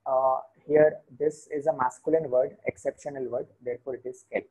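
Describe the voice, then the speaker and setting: Husky man teaching beginner vocabulary. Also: mid-range voice, fairly even intonation, a little mellow, rough recording. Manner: slow, repeats each word, switches to Hindi to explain. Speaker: French teacher. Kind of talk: beginner language lesson.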